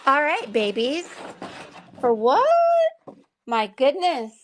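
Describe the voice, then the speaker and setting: A woman who gives spiritual readings talks in a loose, chatty and affectionate way during a casual livestream. Her voice sits slightly high. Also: lively intonation, slow pace, a little hiss or hum. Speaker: psychic reader and guest.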